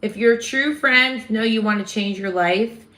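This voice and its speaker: A woman's voice: fairly high pitch, measured pace, a bit bright. A woman with a New York accent hosting a casual livestream, chatting with viewers and answering their comments. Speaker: livestream host.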